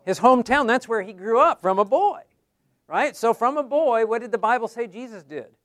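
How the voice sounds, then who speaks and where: A man's voice: very high-pitched, expressive, moderate pace, a bit bright, no room sound, clean studio sound. A man teaching a class on how to give Bible studies, in a conversational way that keeps asking the class questions.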